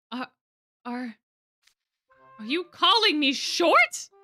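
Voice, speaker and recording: A young woman streamer reading a game's story aloud and commenting in a giggly, animated, teasing way. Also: high-pitched, extremely slow, no room sound, faint music behind. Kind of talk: game playthrough reading and commentary.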